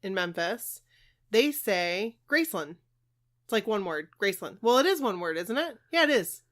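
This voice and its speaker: A woman's voice: mid-range voice, expressive, normal speed, fairly bright tone. A woman co-hosting a casual podcast, joking and chatting with her friend. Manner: playful and jokey. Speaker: podcast co-host.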